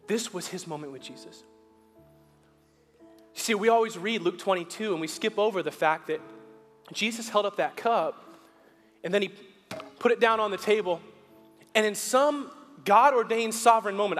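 A man preaching a sermon as pastor. He moves between hushed, slow storytelling and rising, forceful appeals, and acts out the Bible characters' lines in a casual, buddy-like voice. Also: high-pitched. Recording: long hall reverb.

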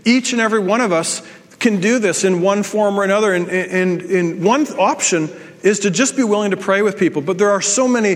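A man's voice: high-pitched, big-room sound. A male pastor telling a personal story in a sermon, with self-deprecating humor and frequent restarts.

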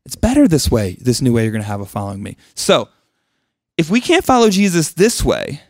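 Male Bible study teacher, chatty and joking, medium pitch, dry close sound. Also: huge pitch swings, a little fast, darkish tone, dry recording. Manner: conversational, joking asides, questions to the group.

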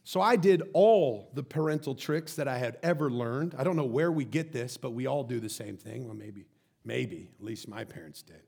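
A man's voice: medium pitch, moderate pace, vocal fry, a little mellow, breathy edge. A man preaching a sermon, telling a family story and acting out the voices of the people in it. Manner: storytelling, acts out quoted voices. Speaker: pastor.

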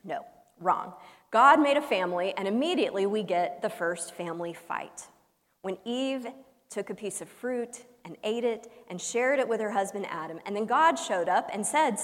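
A woman's voice: mid-range voice, expressive. Woman preacher in a reverberant hall. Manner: humorous storytelling with dramatic pauses; swings between loud emphasis and soft hushed lines. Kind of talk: sermon. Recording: long reverb of a large hall.

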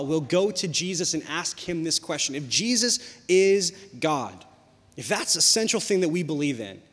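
A young man preaching a sermon, telling a personal story in a lively, conversational way. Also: on the high side. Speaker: pastor. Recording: long hall reverb.

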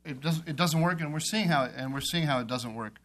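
A man's voice: on the high side, quick pace, a bit bright. Emphatic male policy panelist. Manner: emphatic, repeats phrases while building an argument.

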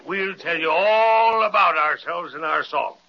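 An actor playing a jolly pirate captain in an old radio play, hearty and amused. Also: male voice, fairly high pitch, lively intonation, a little slow. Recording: dull old radio recording.

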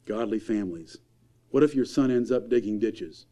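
Emphatic preacher man, dark voice. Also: fairly low pitch, normal speed. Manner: emphatic, rhetorical questions, swings from loud to hushed. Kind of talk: sermon.

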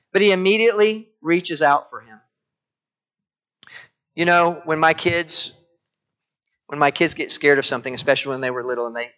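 A middle-aged man preaching a sermon, dropping to quiet tones and rising again as he acts out voices from the text. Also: on the high side. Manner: dramatic shifts from quiet to loud, acting out quoted voices. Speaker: pastor. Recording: dull lo-fi sound.

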